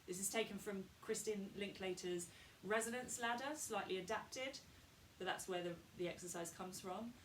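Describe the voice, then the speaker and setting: A woman coaching a group through a vocal warm-up, calm and instructive as she models each exercise. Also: mid-range voice, normal speed, few pauses, slight background noise. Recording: echoey room, distant mic.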